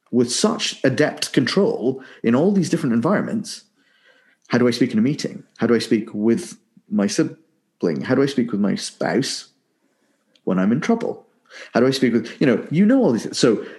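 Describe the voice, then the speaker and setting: A man coaching singing in a relaxed, conversational way. He throws out rhetorical questions and hums little warm-up phrases. His pitch swings freely up and down. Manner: animated, rhetorical questions, sings vocal warm-up syllables. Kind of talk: casual conversational explanation.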